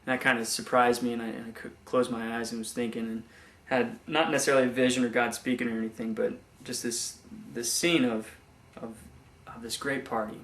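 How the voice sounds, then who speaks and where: A young man giving a personal faith testimony, speaking haltingly with many restarts and repeated words. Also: mid-range voice, little pitch movement, a bit bright, echoey room. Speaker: former missionary giving testimony.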